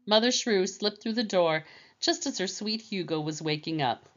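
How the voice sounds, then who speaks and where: A woman gently narrating a children's storybook aloud. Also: mid-range voice, normal speed. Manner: gentle and expressive. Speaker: storybook reader. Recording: dull lo-fi with faint music.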